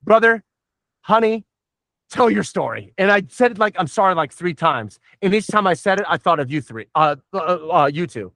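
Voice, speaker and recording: A middle-aged man from the Southern United States hosting a casual podcast, rambling and swearing excitably. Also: sits high, moderate pace, no echo. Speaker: podcast host.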